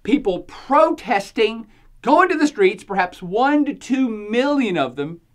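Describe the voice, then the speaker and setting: A woman's voice: fairly high pitch, very animated, unhurried. A woman hosting a podcast, giving opinionated commentary in a jokey, sarcastic way and laughing often between points. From United States. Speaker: podcast host.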